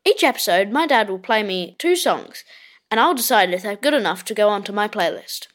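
A woman hosting a podcast, reading the show's intro in a bright presenting manner. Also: mid-range voice, animated, fairly quick. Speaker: podcast host.

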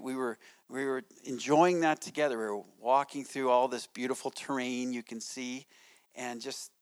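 A middle-aged man, a pastor, preaching a sermon to his church in a conversational way, often checking in with "right?". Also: a little high. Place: church sanctuary.

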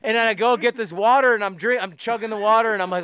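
Animated profane man, bright tenor. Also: fast. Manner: animated, profane, acts out quotes with big jumps in pitch. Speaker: podcast co-host telling a story. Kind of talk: casual storytelling chat.

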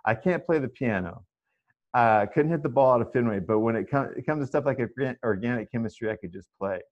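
Male interviewer, halting and rambling delivery, dull lo-fi recording. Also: medium pitch. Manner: hesitant, rambling with fillers and restarts. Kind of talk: conversational interview. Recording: slightly dull, lo-fi audio.

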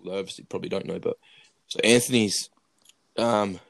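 A man's voice: lowish voice, steady tone, fairly quick, gravelly, dry recording. A young man hosting a casual podcast, telling a story to his mates with plenty of swearing and laughter. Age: young adult. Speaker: podcast host.

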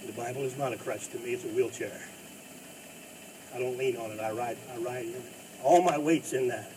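Heard from afar through a distant mic with faint noise, a male pastor preaches a sermon in an emphatic style, swinging between loud outbursts and hushed moments. His voice is mid-range and fairly quick.

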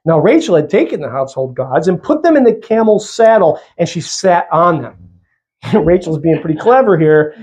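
A male pastor preaching a sermon in a church, lively and conversational, with jokey asides. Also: a little high, a little fast, few pauses.

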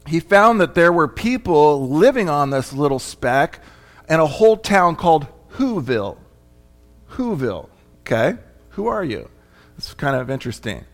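A male pastor preaching a conversational sermon, often asking his congregation questions. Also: fairly high pitch. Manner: chatty, asks the congregation questions.

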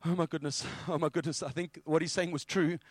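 A man voicing the apostle Peter as a frantic, pleading grown man who repeats himself in high cries. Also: fairly even intonation, fairly quick, no room sound, studio quality, lightly acted. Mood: astonished.

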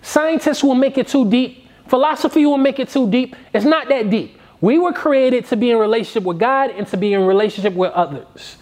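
A man's voice: very high-pitched, a little fast, darkish tone. A man preaching a sermon with an emphatic, repetitive cadence.

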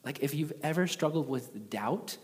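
A man preaching a sermon in a casual, conversational and animated way. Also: fairly high pitch, normal speed. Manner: conversational, animated, with acted quotes. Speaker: pastor. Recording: long reverb of a large hall.

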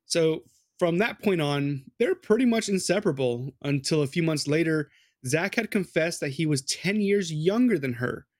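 A man's voice: on the high side, expressive, normal speed, no echo, studio quality. A man co-hosting a podcast, telling a true crime story in a loose, rambling, casual way. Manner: loose, rambling, with lots of "like" and "dude".

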